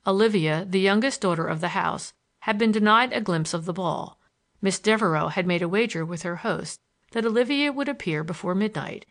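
A woman reading a first-person novel aloud in a measured, even storytelling manner. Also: mid-range voice. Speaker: audiobook reader.

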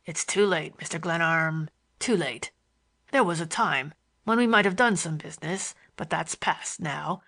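A woman voicing a sly, grinning man with a broad Western American drawl, pitched lower than her own voice, in a storybook reading. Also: a little slow, fairly bright tone, exaggerated voice. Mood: mocking drawl.

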